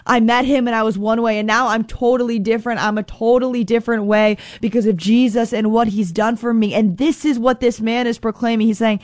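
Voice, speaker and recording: A woman giving an earnest devotional reflection, speaking slowly and emphatically and often repeating phrases. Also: on the high side, steady tone, darkish tone, no echo.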